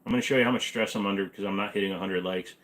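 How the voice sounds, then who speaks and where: A man's voice: fairly low pitch, fairly even intonation, very fast, a bit bright. A man in his forties hosting a casual livestream Q&A from his apartment, talking in a rambling, offhand, joking way. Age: 40s. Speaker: livestream host. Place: apartment bedroom-living room.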